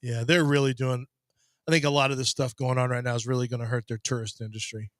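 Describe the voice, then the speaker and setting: A man's voice: mid-range voice, flat delivery, fast talker, dry recording. A man co-hosting a sports radio show in a studio, joking and riffing in casual banter. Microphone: studio microphone.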